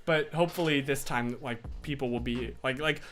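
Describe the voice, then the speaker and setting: A young man hosts a relaxed live stream from his room, answering viewer comments. His talk wanders, full of restarts and fillers, at an ordinary middle pitch. Faint music plays quietly behind him. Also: normal speed. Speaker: livestream host. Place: home room with a whiteboard.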